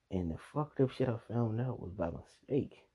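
A man's voice: fairly low pitch, dark tone, husky. A man hosting a podcast, telling casual stories full of profanity, frequent laughter and acted-out quotes. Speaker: podcast host. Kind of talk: casual storytelling.

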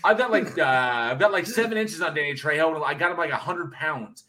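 A man's voice: on the high side, lively intonation, fairly quick, few pauses, bright, forceful tone. A man co-hosting a podcast in casual chat, telling rambling stories and laughing often. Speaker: podcast co-host.

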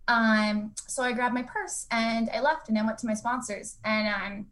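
Woman, frank personal storyteller, chatty with lots of fillers, slightly high voice. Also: normal speed. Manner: frank and conversational, with many fillers; acts out quoted people with lively voices. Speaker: speaker sharing a recovery story.

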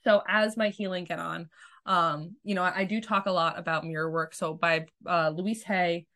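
A woman with a slightly low voice talks candidly and casually, dropping swear words without a second thought. She breaks into animated quoted asides as she retells her own thoughts. She comes across as a coach sharing her own story. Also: normal speed. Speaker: self-love coach.

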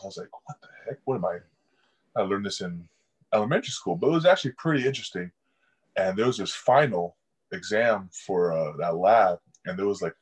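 This young adult man plays college football and is swapping casual stories in an interview, laughing often. His lowish voice has a breathy edge, and the audio quality is poor.

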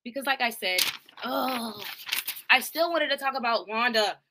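A woman live streamer chatting casually about a movie, rambling and animated, with swearing and laughing asides. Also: fairly high pitch, moderate pace, noisy background. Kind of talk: casual movie recap chat.

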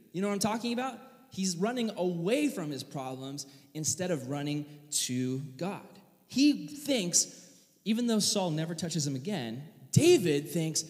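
A young man preaching a sermon, telling a personal story, acting out voices and yelling in bursts. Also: high voice. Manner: animated storyteller, acts out voices, yells in bursts. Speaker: pastor. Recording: long reverb of a large hall.

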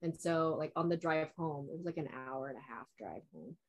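A young woman with a fairly low-pitched voice recounts a personal story in easygoing, unscripted conversation. She rambles along, leaning on "like" and acting out quoted lines from herself and others. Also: animated, brisk, darkish tone, lo-fi sound. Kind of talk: casual chat.

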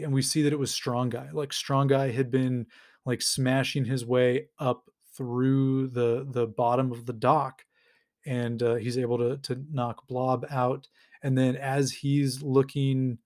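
A man with an ordinary mid-range voice recaps a comic book storyline in an easygoing, rambling way. He leans on "like" and "uh" as he goes and pops in quick acted-out lines for the characters. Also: medium pitch. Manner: animated retelling with quick put-on character voices, many fillers. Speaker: podcast host recapping comics.

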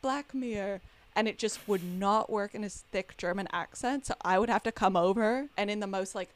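A woman with a North American accent hosting a casual podcast chat, telling stories in a lively, chatty way. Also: medium pitch, brisk. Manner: chatty, animated storyteller. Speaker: podcast host.

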